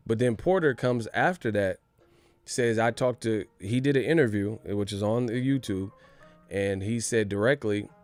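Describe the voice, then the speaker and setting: A man hosting a casual boxing news livestream, talking in an animated, joking and profane way. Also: lowish voice, moderate pace, faint music behind.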